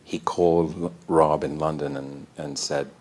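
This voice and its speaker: A man, a guest in an interview, telling animated, self-deprecating stories and acting out the voices. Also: a bass voice, unhurried. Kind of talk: anecdotal storytelling in an interview.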